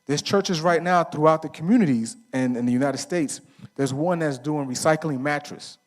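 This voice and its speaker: At a men's conference, a middle-aged speaker gives a casual talk full of stories, posing questions to the audience and answering them himself. He uses slang and fillers like "right?" in a voice on the high side at normal speed, with faint music in the background.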